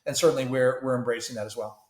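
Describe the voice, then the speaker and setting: A man from Canada, CEO of a tech company, is interviewed on a podcast as a founder. He talks fast and animatedly at a medium pitch, with frequent restarts and repeated words, in an echoey room.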